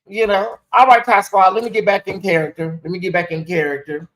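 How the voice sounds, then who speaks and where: Woman hosting her own stream, mid-pitched, ranting and laughing a lot. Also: brisk. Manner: animated, ranting, laughs often. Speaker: livestream host. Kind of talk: casual live-stream chat.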